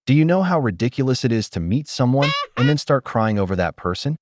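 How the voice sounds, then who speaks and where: A man's voice: mid-range voice, lively intonation, a little fast, very noisy. A man hosting a commentary video, blunt and opinionated in his reactions. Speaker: commentary host.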